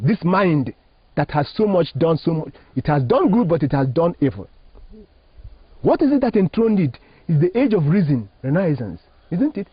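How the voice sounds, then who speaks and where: A man's voice: a little high, slightly rough, no echo. A man from Nigeria, a Catholic priest, teaching in an interview with an emphatic, preacherly manner and rhetorical questions. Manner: emphatic, preacherly, rising and falling phrasing, asks rhetorical questions. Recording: dull lo-fi dry recording.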